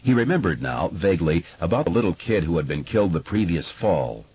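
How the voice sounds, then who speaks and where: Deep husky male audiobook narrator. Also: very animated, a little fast, a little mellow, dull audio. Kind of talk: scripted narration. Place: recording studio.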